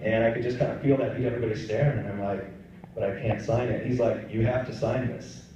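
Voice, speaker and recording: A man's voice: mid-range voice, steady tone, fast talker, noisy background. A man who is a pro-life missionary, telling his personal testimony conversationally and acting out the dialogue. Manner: conversational, acts out dialogue in quotes. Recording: distant, echoey, dull-sounding room recording.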